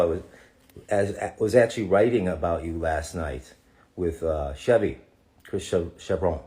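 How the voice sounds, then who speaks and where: A man's voice: low voice, a little slow, warm tone. A man, a voice actor, answers fan questions on a live stream, reading the chat aloud in a playful, joking way and calling fans darling.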